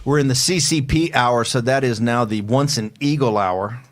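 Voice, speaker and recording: A male talk show host haranguing his listeners in a forceful, hectoring way, often repeating himself. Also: mid-range voice, normal speed, faint music behind. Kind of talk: fired-up political talk show.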